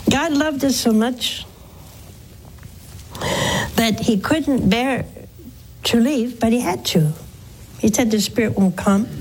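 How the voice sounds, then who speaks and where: A woman's voice: medium pitch, a little mellow, slight background noise, low-quality recording. A woman, a nun hosting a call-in program, preaching earnestly and coaxing her listeners with questions. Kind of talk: preaching and counseling callers.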